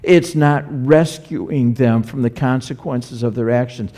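A man's voice: mid-range voice, measured pace, dark tone. A man preaching a sermon as a pastor, talking conversationally and putting rhetorical questions to the congregation.

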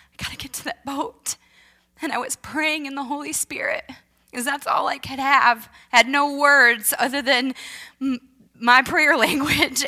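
Bright-voiced woman telling a personal story. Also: fairly high pitch. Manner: earnest, vivid retelling that drops to a hushed whisper at times. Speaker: storyteller giving a personal testimony. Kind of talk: personal testimony.

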